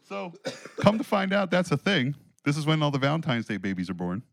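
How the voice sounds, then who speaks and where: A man's voice: fairly high pitch, sing-song, fast, creaky. A man co-hosting a podcast, rambling casually, swearing freely and getting over a cold. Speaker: podcast co-host.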